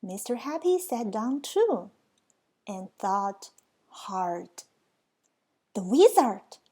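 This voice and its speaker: A woman's voice: medium pitch, very animated, extremely slow, a little mellow. A woman reading a children's picture book aloud, with playful, teasing asides to her listeners. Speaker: storybook reader.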